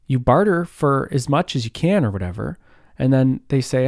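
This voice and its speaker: A man in his thirties telling stories in a relaxed, rambling chat, full of fillers and quick laughs. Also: medium pitch, no room sound, studio quality. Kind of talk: casual storytelling chat.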